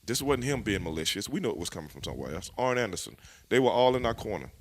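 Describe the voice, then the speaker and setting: A man, a former wrestler, telling stories as an interview guest in an animated, profane way, laughing as he goes. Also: lowish voice, quick pace, husky. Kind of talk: storytelling in a shoot interview.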